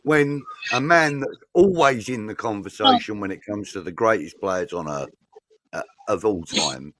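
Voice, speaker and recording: A man's voice: lowish voice, animated, normal speed, a bit bright, no echo. A middle-aged man, co-hosting a fan football show, rambling and laid-back while reading live comments. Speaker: fan podcast co-host.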